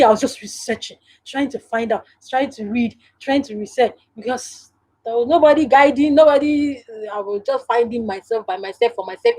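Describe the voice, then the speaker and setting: Nigerian woman, Nigerian English accent, slightly high voice, casual live-stream chat, talks straight to viewers, laughs a lot. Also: a little mellow, low-quality recording. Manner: chatty, laughs often, speaks directly to viewers. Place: at home.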